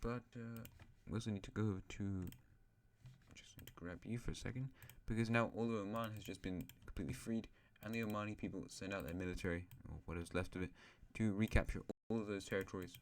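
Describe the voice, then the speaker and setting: A man's voice: fairly low pitch, fairly even intonation, fast, slight background noise. A male host casually narrating an alternate-history map, rambling with asides and correcting himself.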